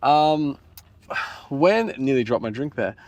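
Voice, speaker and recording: A man's voice: mid-range voice, sing-song, slow, a little mellow, dry recording. A man hosting a podcast, chatty and joking, who drifts into rambling asides and stories. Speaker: podcast host. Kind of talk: casual interview conversation.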